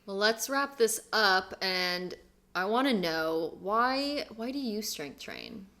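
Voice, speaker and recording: A woman in her thirties with a bright, forward voice chats on a wellness podcast in an upbeat, conversational way. She laughs easily between her points. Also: medium pitch, wildly swooping pitch, slow pace. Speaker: podcast co-host, physical therapist. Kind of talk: casual chat.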